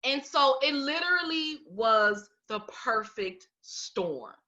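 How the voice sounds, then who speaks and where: Blunt, sarcastic woman with a bright voice. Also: sits high, animated, slow pace, highs cut off. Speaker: podcast co-host. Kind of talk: casual podcast chat.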